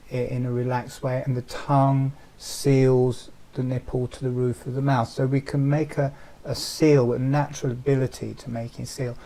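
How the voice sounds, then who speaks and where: Slow, mellow-voiced man guiding breathing. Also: medium pitch, poor audio. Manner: slow, soothing, instructive. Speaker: meditation teacher. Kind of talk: guided breathing instruction.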